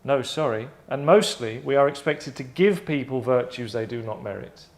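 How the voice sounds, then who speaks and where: The recording is echoey, capturing a man with a mid-range, darkish-toned voice speaking at a moderate pace. He's the host of his own show, describing his game idea in a rambling, casual monologue with asides and self-corrections.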